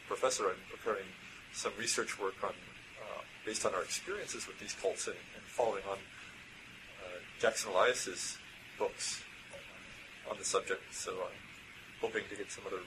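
A man playing a tabletop role-playing game, speaking in character in a halting, explanatory way. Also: fairly low pitch. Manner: halting, explanatory, many fillers. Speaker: tabletop player. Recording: home recording with background noise.

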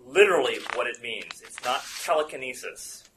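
A man's voice: medium pitch, lively intonation, moderate pace, noisy background. A man running a tabletop horror game as game master, explaining rules with frequent laughs.

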